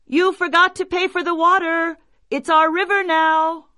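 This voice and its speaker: A woman voicing a group of greedy rich men who make shrill, demanding calls. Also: flat delivery, moderate pace, sharp tone, no room sound, studio quality.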